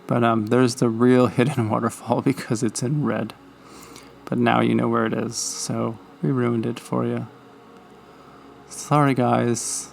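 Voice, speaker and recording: A man's voice: medium pitch, flat delivery, unhurried, creaky, slight background noise. A man hosting a travel vlog, narrating in a playful, teasing, mock-dramatic way.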